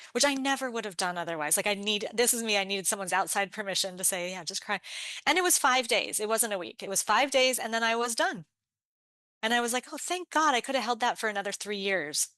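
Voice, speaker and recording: Woman author guest, bright crisp voice, dry close mic, open chatty stories. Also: mid-range voice, dry recording. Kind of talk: casual chat.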